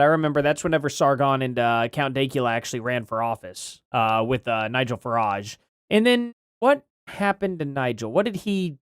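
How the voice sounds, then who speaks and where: Rambling live-stream host, lively pitch. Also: male voice, smooth, no echo, studio quality. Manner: rambling, thinking aloud, self-questioning. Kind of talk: casual live-stream commentary.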